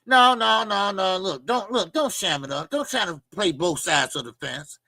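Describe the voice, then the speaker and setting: Animated and sharp-toned, a man with a fairly high, gravelly voice rants about boxing at normal speed, with no room sound. As host of the channel, he is blunt, profane and mocking, repeating himself and filling gaps with fillers.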